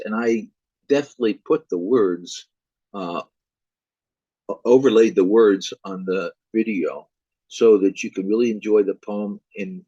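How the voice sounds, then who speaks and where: A man's voice: on the low side, mellow, husky, dry recording, muffled recording. A man teaching a recorded music lecture, speaking hesitantly with frequent fillers. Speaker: music instructor.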